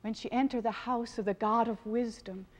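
A woman's voice: fairly high pitch, steady tone, moderate pace. A woman storyteller performing an ancient epic in a rhythmic, incantatory way, sometimes dropping to a whisper.

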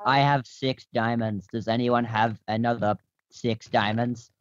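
A woman's voice: extremely low pitch, steady tone, a little slow, no echo, lo-fi sound. A woman chatting casually during a game who keeps teasing the others with jokes. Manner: joking, teasing. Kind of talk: casual gaming chat.

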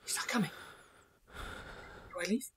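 A woman hosting a horror game let's play, jumpy and excitable, talking to herself with yelps and nervous laughs. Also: normal speed, slight background noise, poor audio. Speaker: gaming channel host.

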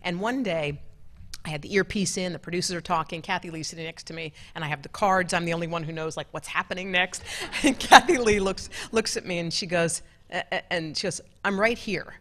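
A middle-aged woman, a television co-anchor, telling stories to an event audience in a lively, laughing, chatty way. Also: fairly low pitch, fairly quick. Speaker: television co-anchor giving a talk. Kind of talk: storytelling talk with audience Q&A. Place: large club event room.

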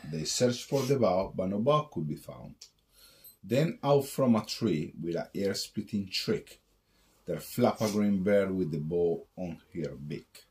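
A man's voice: low voice, dark tone. A man reading a rhyming picture book aloud at bedtime in a sing-song storytelling way.

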